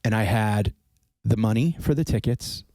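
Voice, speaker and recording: Animated storytelling man, dry close sound. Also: fairly low pitch, normal speed, no room sound. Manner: animated storyteller, swears freely. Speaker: podcast guest. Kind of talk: casual chat.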